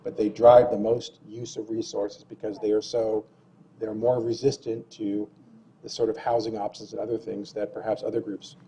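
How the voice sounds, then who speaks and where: A man with a low, flat voice leads a public meeting discussion. His tone is warm and dark as he poses long, measured questions. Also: a little hiss or hum, rough recording. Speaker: discussion facilitator.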